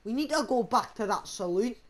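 A young man with a put-on Scottish accent, voicing a brash, foul-mouthed outlaw in a game role-play, rough and swaggering. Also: extremely high pitch, expressive, a little fast, a little hiss or hum. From England. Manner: rough, swaggering, swears a lot.

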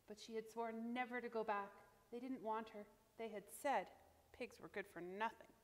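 A woman reading a Christmas picture book aloud to children, with a gentle, expressive delivery. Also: on the high side, moderate pace, in a large hall, a little hiss or hum. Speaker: children's storyteller.

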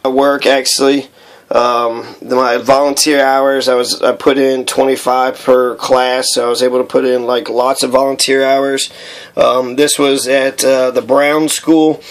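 A man casually talking through his paperwork, halting and aggrieved, with many fillers. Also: medium pitch, little pitch movement. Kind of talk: casual vlog walkthrough of documents.

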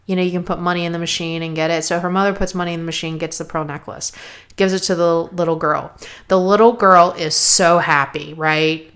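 Female podcast host, lower voice, casual motivational chat, peppers her lines with "right?". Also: fairly bright tone. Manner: conversational, frequent "right?" tags. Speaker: podcast host, health coach.

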